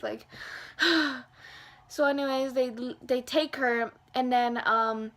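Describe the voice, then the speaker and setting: Chatty high-voiced young woman telling a story. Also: moderate pace. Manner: animated, lots of fillers, acts out dialogue. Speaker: vlogger. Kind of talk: casual storytime.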